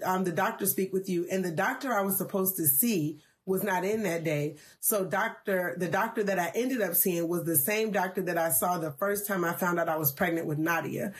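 A woman in her thirties telling a personal story on a livestream, earnest and emotional, pausing often with "um.". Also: medium pitch. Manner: earnest, emotional and reflective, with frequent "um" pauses.

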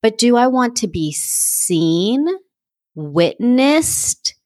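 A woman's voice: fairly high pitch, expressive, extremely slow, a little mellow, no echo, clean studio sound. A woman hosting a casual chat who talks playfully and expressively, acting out bits of dialogue.

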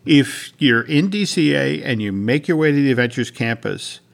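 A man co-hosting a podcast, his voice sitting at a middle pitch. He chats loosely and often restarts his sentences. He shifts into a steadier, read-out manner for news items and sponsor lines. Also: expressive, normal speed, vocal fry. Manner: conversational, many restarts, reads sponsor copy. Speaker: podcast co-host. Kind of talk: casual chat and news reading.

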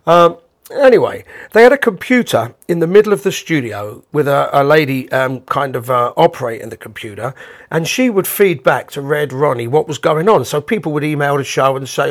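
A man, a bandleader, casually telling a rambling, animated anecdote with the odd chuckle. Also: a little high, normal speed.

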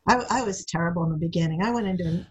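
A middle-aged woman, a guest in an interview, telling lively stories and acting out quoted lines. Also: on the low side, quick pace, husky, rough recording. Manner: animated storyteller, acts out quotes. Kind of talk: casual interview chat.

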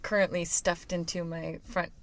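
A woman chats loosely and rambles, with a gravelly, fry-heavy voice. She records in a small closet. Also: fairly low pitch, level tone, moderate pace. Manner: rambling, giggly. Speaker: podcast host. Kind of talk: casual chat.

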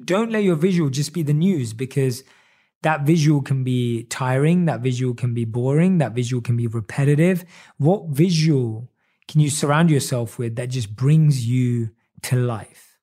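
A man giving an earnest motivational talk, stacking rhetorical questions and slowing down on key words. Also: medium pitch, warm tone. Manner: earnest, repetitive rhetorical questions, speeds up and slows for emphasis. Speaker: motivational speaker.

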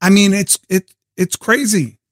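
A hoarse man hosting a casual livestream chat, telling stories in an animated, slangy way. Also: high voice, unhurried. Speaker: show host.

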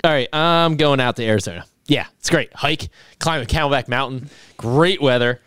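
A man's voice: medium pitch, normal speed, smooth, no echo, studio quality. A man co-hosting a sports podcast, playful and boastful, joking through the banter with his partner. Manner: playful, boastful, laughs and shouts when excited. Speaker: podcast co-host.

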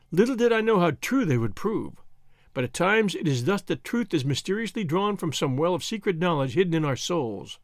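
A man narrating an audiobook in an expressive, dramatic reading style. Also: on the high side, dry recording, studio quality. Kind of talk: scripted narration.

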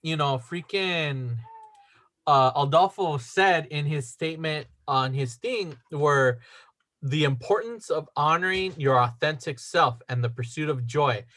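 A man's voice: a little high, lively intonation, measured pace, fairly bright tone. Rambling man recapping a movie. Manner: rambling, many "like" fillers. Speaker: podcast co-host. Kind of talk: casual movie recap chat.

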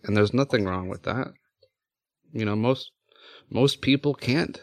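A man's voice: on the low side, unhurried, no room sound, studio quality. A man playing his character in a tabletop game, reassuring and agreeable. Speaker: player. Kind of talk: casual in-character chat.

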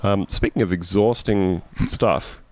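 A man hosting a casual comedy podcast, wry and deadpan, sounding tired. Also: low-pitched, measured pace, no echo. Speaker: podcast host.

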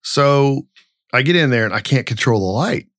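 A middle-aged man with an expressive, medium-pitched, fairly bright voice speaks at normal speed while hosting a podcast. He tells a long story in a rambling, blunt, profane way, and the studio sound is clean with no echo.

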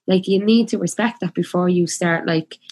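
A woman's voice: fairly low pitch, a little mellow. A woman in her twenties with a Dublin accent, talking passionately in a casual chat, full of fillers. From Ireland. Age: 20s. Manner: passionate, talks fast with many fillers.

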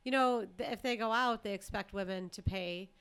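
Smooth-voiced, animated woman co-host. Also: medium pitch. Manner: frank, animated, quick to laugh. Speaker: podcast co-host. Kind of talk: casual podcast chat.

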